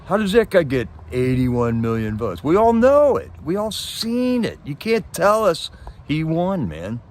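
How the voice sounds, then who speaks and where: A man's voice: fairly high pitch, wildly swooping pitch, measured pace, a little mellow. A man hosting a livestream, ranting about politics in a casual, impassioned way and firing off rhetorical questions while answering his chat. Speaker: livestream host reading chat.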